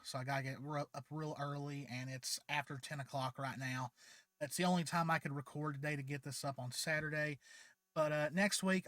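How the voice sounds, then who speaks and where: A man's voice: on the high side, a bit bright, dry recording. A man with a slightly raised voice retells a story in a loose, rambling way, full of ums and restarts. He sounds tired, and the sound is dry and close. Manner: chatty, rambling, frequent fillers and restarts. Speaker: channel host. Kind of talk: casual spoken retelling of a fan story.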